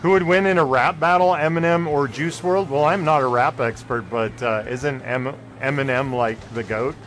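A young man streaming a game live, chatting casually with viewers and yelping and shouting when plays get close. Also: medium pitch, normal speed, slight background noise. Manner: excitable, yelps and shouts at close plays, joking with chat. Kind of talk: casual live gameplay commentary.

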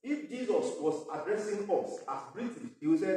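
Male pastor, conversational sermon, high voice, distant mic, big church reverb. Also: lively intonation, normal speed, mellow. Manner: conversational preaching with fillers and asides. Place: parish church. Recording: echoey church hall from far off.

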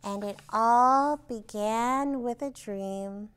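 Animated high-voiced children's librarian. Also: female voice, very slow, clear, resonant tone. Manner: animated and expressive, chatty asides. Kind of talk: storytime read-aloud for toddlers.

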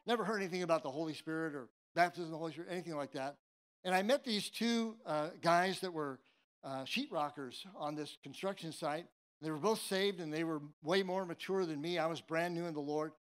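A man from San Jose, California, with a fairly high pitch and a clean tone speaks fairly quickly. Preaching a sermon, he tells a personal story in a humorous, tongue-in-cheek, conversational way, restarting often.

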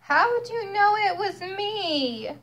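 A woman's voice: very high-pitched, lively intonation, slow pace, fairly bright tone, pitched above the performer's own voice, exaggerated voice. A woman voicing a worried young male turkey in a storybook, with plaintive, whining questions.

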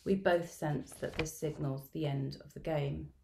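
A middle-aged woman reads her research notes aloud as a story, measured and reflective. Her voice sits low, with a gravelly edge of fry and a dark, mellow tone. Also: steady tone, slight background noise. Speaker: education researcher presenting at a symposium. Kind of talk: reading a field-note narrative aloud.

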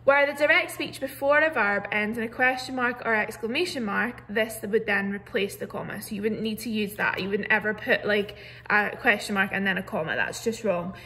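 In a recorded online grammar lesson, a female primary school teacher speaks at a normal speed in a mid-range voice with a sharp tone. She explains patiently and clearly over a computer mic, often saying "so" and "um".

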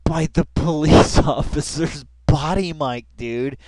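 A man hosting a casual reaction video at home on a headset mic, excitable and laughing, tossing "dude" into nearly every line. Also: a little high, slow, no room sound. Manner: excitable, says "dude" constantly, breaks into laughter.

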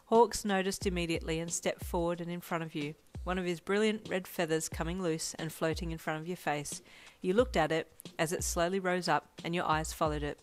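A woman narrates a romance story in the second person, speaking softly and quietly. Her voice sits a little low, with an even, gentle pace. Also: a little fast. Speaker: fanfiction reader.

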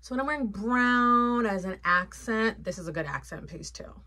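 A woman's voice: a little high, expressive, moderate pace, bright, forceful tone. A woman vlogger chatting casually and playfully, with lots of fillers, about her sunglasses collection. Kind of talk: casual haul chat.

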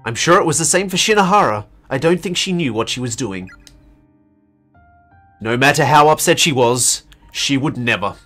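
A man doing a reassuring teenage schoolboy in a horror game reading. He speaks gently and steadily, with a lively rise and fall in pitch, over faint music. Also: normal speed.

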